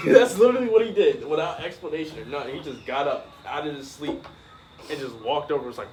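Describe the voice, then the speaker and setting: A man co-hosting a casual video, telling animated stories in slang and laughing through them. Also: fairly high pitch, quick pace, crowd noise. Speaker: channel co-host. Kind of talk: casual storytelling chat. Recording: noisy background.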